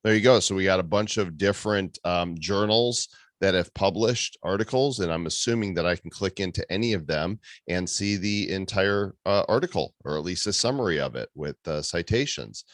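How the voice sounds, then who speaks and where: A man's voice: deep voice, normal speed, no room sound, clean studio sound. A man hosting a casual podcast, upbeat, reading listener reviews aloud. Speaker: podcast host.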